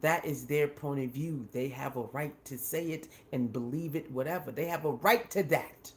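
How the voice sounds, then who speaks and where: A man talks through a casual commentary segment, informal and full of slang. His voice sits a little high for a man. He presses his points hard and repeats phrases for emphasis. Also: normal speed, slight background noise. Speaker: commentary channel host.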